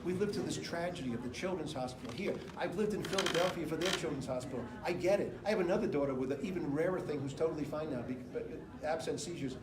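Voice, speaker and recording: Talking fast with few pauses, this middle-aged American candidate speaks in a high voice, and the recording is very noisy. His unscripted campaign speech to an indoor audience rambles emphatically from stories to numbers, with echo filling the room.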